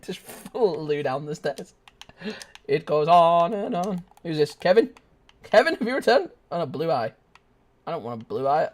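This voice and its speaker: A young man streaming a shooter, his voice sitting a little high and leaping about wildly as he reacts. He jokes with his chat, bursts into yelps at the action and keeps up excitable banter. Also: unhurried, long pauses. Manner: excitable, shouts and laughs at the game. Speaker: gaming streamer. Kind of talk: live gameplay commentary.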